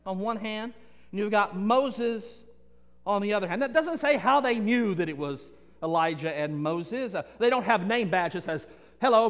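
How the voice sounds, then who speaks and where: A man preaching a sermon as pastor, animated and repetitive, with playful asides. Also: high-pitched, in a large hall.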